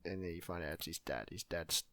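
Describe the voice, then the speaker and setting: Deep-voiced man recapping a movie. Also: brisk, a bit bright, no echo. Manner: loose, profane storytelling. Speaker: podcast co-host. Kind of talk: casual movie recap chat.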